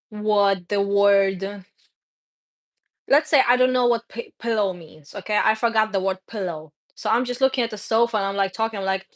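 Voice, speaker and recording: A woman's voice: mid-range voice, a bit bright. A woman streamer chatting casually to her viewers, a native Russian speaker who rambles, restarts words and laughs often. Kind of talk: casual chat.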